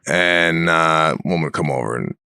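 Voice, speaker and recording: A middle-aged man with a deep, gravelly voice speaks close to the mic in a dry studio. He tells stories deadpan on a comedy podcast and keeps asking incredulous questions. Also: a little slow, no room sound. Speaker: podcast co-host. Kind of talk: casual comedic chat.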